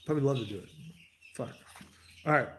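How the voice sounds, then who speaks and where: A man's voice: medium pitch, brisk, fairly bright tone. A man hosting a livestream, talking casually to his chat in a digressive, rambling way, often restarting his sentences. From United States. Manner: digressive, restarts sentences, jumps between tangents. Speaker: livestream host.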